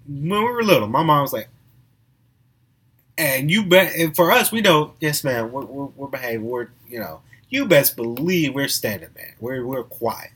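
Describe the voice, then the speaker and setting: A young man hosting a podcast, telling stories in a casual, animated way with frequent laughs and restarts. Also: medium pitch, normal speed, slightly rough. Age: young adult. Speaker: podcast host. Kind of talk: casual storytelling monologue.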